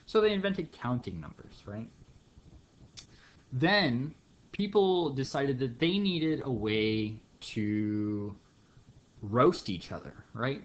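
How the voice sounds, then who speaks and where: A man teaching a math lesson in a playful, jokey storytelling way, acting out little scenes. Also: mid-range voice. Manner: playful storytelling with acted bits. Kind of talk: jokey classroom lecture.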